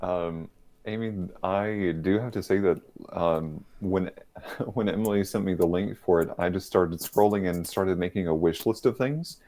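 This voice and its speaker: A man's voice: low-pitched, a little slow, dark tone. A man hosting a livestreamed podcast over a video call, playful and self-mocking, laughing often as he chats. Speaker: podcast host. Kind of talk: casual livestream podcast chat.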